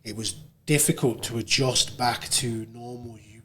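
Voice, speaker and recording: English male guest, medium voice, relaxed anecdotal chat. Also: medium pitch, normal speed. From England. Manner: relaxed storytelling, animated when quoting others. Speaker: guest, radio presenter and producer. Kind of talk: casual conversation.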